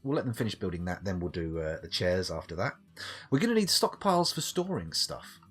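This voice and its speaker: A man's voice: deep voice, big pitch swings, brisk, slightly rough, soft background music. A man rambling and joking to himself as he streams a game. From United Kingdom. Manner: rambling, jokey, talks to himself. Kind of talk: casual gameplay commentary.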